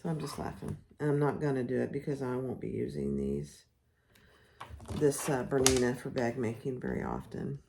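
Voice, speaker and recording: A woman's voice: very deep voice, lively intonation, normal speed, vocal fry, darkish tone, a little hiss or hum. A woman talking casually while she sews, explaining each step of a bag pattern in a chatty, self-deprecating way. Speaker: sewing pattern tutor. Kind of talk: casual sewing tutorial. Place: home sewing room.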